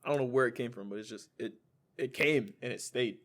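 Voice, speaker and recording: A young man co-hosts a podcast in easygoing chat, his voice at an ordinary middle pitch. He talks in a laid-back, slangy way. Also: fairly quick, a bit bright. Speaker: podcast co-host. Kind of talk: casual chat.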